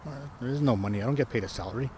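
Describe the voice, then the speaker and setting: On a hill outdoors, a man who is a First Nation chief rambles through a story in a relaxed interview, full of restarts and tag questions. His medium-pitched voice races along with a dark tone, over a little hiss or hum.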